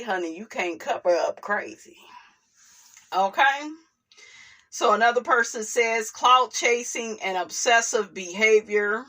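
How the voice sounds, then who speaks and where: Slow, sassy woman gossip commentator. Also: mid-range voice. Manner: sassy and expressive, frequent laughter, drawn-out asides with "honey" and "child". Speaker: commentary channel host. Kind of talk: casual gossip commentary, reading viewer comments.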